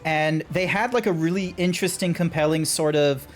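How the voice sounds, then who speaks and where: A man's voice: a little high, moderate pace. A man streaming a game and chatting casually with friends, rambling, swearing and laughing easily. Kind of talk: casual chat while gaming.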